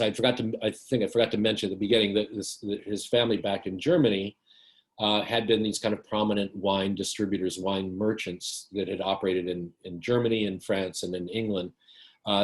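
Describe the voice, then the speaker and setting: A man giving a book talk in a casual, halting way, full of fillers and restarts, telling stories with wry humor. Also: fairly low pitch. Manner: hesitant, many fillers and restarts.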